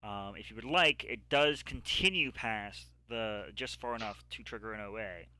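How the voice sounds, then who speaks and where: A man running a tabletop game as game master, narrating combat in a halting way with many pauses and fillers. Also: fairly low pitch, bright, forceful tone. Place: home setup, streamed live.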